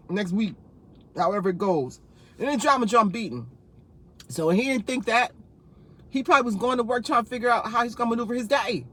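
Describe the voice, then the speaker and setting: Woman, 50s, from New Jersey; casual vlogger, rambling anecdotes, quick laughs, lots of asides. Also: on the high side, a bit bright. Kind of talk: casual storytelling to camera.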